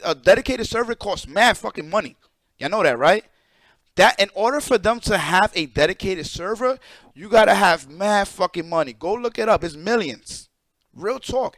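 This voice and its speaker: A high-pitched man on a live stream, ranting loosely and cursing freely as he explains things to his chat. His voice sits close and dry on the mic, with no room sound around it. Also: no room sound. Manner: profane, animated, talks to chat. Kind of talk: casual live-stream rant.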